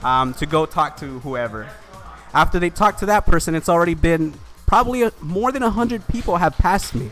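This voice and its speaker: A man's voice: a little high, lively intonation, a little fast, a bit bright, faint music behind. A man telling a long frustrated story in casual chat, full of "you know" and "like" fillers. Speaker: commentator.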